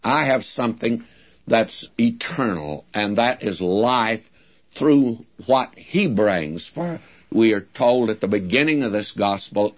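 Male Bible teacher, unhurried and earnest, dull lo-fi sound. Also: fairly low pitch, expressive. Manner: slow, earnest, plain-spoken, stresses quoted words. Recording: dull lo-fi old recording.

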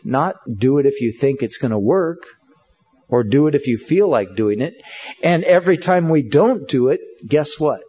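A man preaches a sermon in an earnest, conversational style, often reaching for fillers. His voice is mellow and slightly husky. The recording sounds dull and lo-fi. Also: fairly high pitch. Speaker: pastor.

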